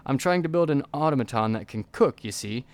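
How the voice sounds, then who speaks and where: A man voicing a mournful upper-class English gentleman inventor in a game, with a genteel, fussy manner and an upper-class English accent. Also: medium pitch, animated, brisk, lightly acted.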